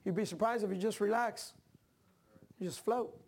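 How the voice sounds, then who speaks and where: Brief: male pastor, very high voice, lively sermon delivery with shouted peaks and chatty asides. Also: normal speed, vocal fry, breathy edge. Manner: animated preaching that climbs to shouts; conversational asides to the congregation.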